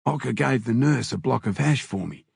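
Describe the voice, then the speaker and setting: A man's voice: medium pitch, lively intonation, moderate pace, vocal fry, a little mellow, breathy edge, no echo, clean studio sound, exaggerated voice. A man doing a blunt, crude tough prisoner. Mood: gruff. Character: rough male prisoner, loyal tough mate.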